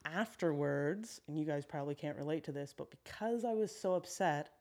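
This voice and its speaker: Frank woman telling a work story. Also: low-pitched. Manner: frank and steady, with quick asides. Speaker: guest, construction business owner. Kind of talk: candid conversational storytelling. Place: podcast studio.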